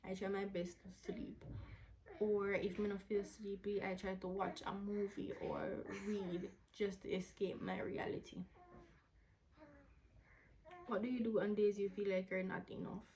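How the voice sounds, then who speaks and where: A young woman, answering viewer questions in a candid, casual vlog, sometimes dropping into a soft whisper. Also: mid-range voice, little pitch movement, measured pace, low-quality recording. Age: young adult. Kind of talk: casual Q&A to camera.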